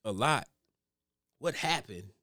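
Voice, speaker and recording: A young man co-hosting a podcast in casual chat, telling stories in a slangy, excitable way. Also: medium pitch, slow pace. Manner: animated, excitable storyteller, slangy. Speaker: podcast co-host.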